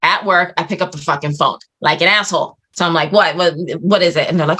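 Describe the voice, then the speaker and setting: A woman's voice: fairly low pitch, a little fast, a bit bright. A woman guest on a podcast, telling a story in casual chat with blunt, dramatic, profane delivery.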